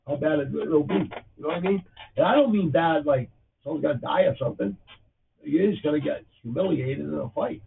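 A man in his fifties with a thick Boston accent talks bluntly and profanely, rambling from one thing to the next. His voice is gravelly, and it comes through a tinny, phone-like line from some distance off, with a faint hiss underneath. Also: a little high, fairly quick. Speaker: podcast host. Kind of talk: casual livestream chat.

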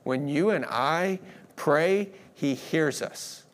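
A man preaching a sermon, earnest, swinging between emphatic declarations and hushed moments. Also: fairly high pitch, slow pace. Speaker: pastor.

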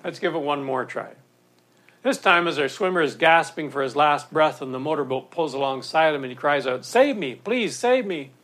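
A man preaching a sermon in a measured, earnest storytelling manner. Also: fairly high pitch, steady tone, a bit bright. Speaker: pastor.

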